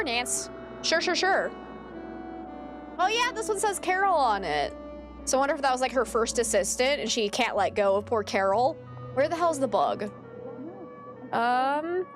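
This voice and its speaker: A woman streamer chatting casually while playing a game, exasperated and swearing casually as she goes. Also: sits high. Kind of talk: casual gameplay commentary.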